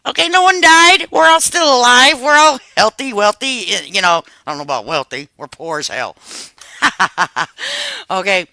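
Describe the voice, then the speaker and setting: Bright, lively woman streamer in her fifties. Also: on the high side, moderate pace, vocal fry, no room sound, low-quality recording. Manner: profane, laughing storyteller. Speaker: livestream host. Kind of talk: casual livestream chat.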